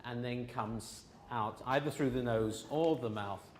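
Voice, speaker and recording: A man's voice: medium pitch, a little slow, darkish tone, reverberant, slight background noise. A man teaching a pronunciation class, patiently explaining sounds step by step and drilling his students. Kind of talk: classroom lesson.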